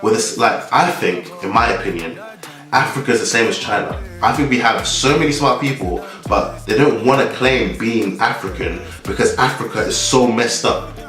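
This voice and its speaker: A man's voice: mid-range voice, moderate pace, fairly bright tone, reverberant, faint music behind. A young man from Nigeria giving a rambling, casual vlog monologue full of restarts and fillers.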